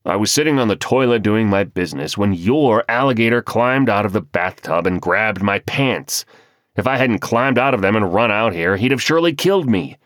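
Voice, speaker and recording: A man's voice: lowish voice, animated, normal speed, a bit bright, dry recording, studio quality, voice pushed up. A man voicing an exasperated middle-aged coal miner husband, indignant and pleading, in an audiobook.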